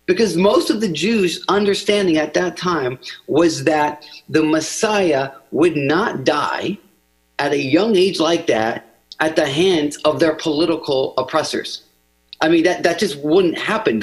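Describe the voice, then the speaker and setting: A man preaching a conversational sermon, acting out quoted voices with big swings in pitch. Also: breathy edge, low-quality recording. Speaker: pastor.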